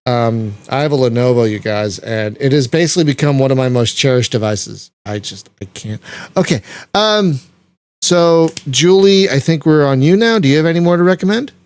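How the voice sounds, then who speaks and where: A man hosting a casual podcast chat, gushing and excitable, swearing freely. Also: mid-range voice, normal speed, smooth. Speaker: podcast host.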